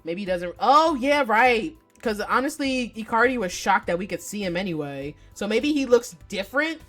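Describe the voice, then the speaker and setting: A woman streamer commenting casually on a visual novel with loud, excitable, crude joking. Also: medium pitch, normal speed, faint music behind.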